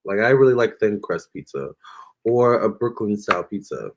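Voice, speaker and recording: A man's voice: on the low side, lively intonation, moderate pace, noisy background. A man doing a tarot reading on a live stream, answering viewer comments in a chatty, sassy way and calling them honey and girl. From Virginia. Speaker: tarot reader.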